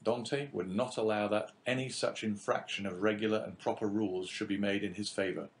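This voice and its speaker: A man narrating a classic novel as an audiobook in a measured, even reading. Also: fairly low pitch.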